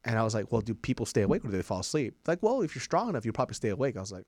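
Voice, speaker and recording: A man co-hosting a podcast, telling stories in casual chat and loudly acting out the people he quotes. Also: mid-range voice, racing, dry recording, clean studio sound. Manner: animated, swearing storyteller who acts out quotes loudly. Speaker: podcast co-host.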